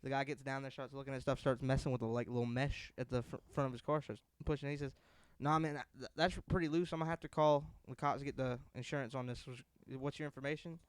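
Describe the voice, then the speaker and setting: A man's voice: medium pitch, fast, few pauses, clear, resonant tone, dry recording. A young man on a podcast telling a family story in casual chat, acting out the people he quotes. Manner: animated storyteller, acts out quotes loudly. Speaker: podcast co-host.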